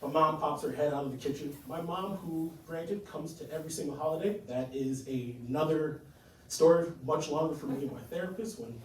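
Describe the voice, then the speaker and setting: A man's voice: a little high, fairly quick, heavy reverb, distant mic, slight background noise, poor audio. A man performing a stand-up set, telling self-mocking family stories. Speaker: stand-up comedian.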